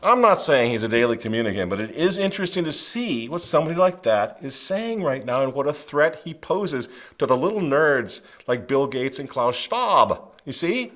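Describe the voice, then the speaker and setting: A middle-aged man hosting a commentary show, emphatic and sarcastic, swinging between loud outbursts and hushed asides, with many rhetorical questions. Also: medium pitch, sing-song, moderate pace, few pauses. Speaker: show host. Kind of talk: impassioned political commentary.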